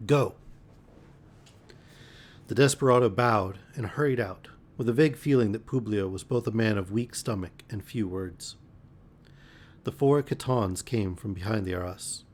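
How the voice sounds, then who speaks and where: A man reading a pulp fantasy novel aloud as a bedtime story, measured with occasional slips. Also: fairly low pitch.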